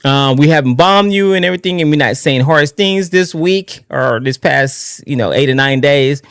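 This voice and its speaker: A man hosting his own live political talk stream in a casual, excitable, rambling way, often restarting his sentences. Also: on the high side, moderate pace, smooth, no echo, studio quality. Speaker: livestream political show host.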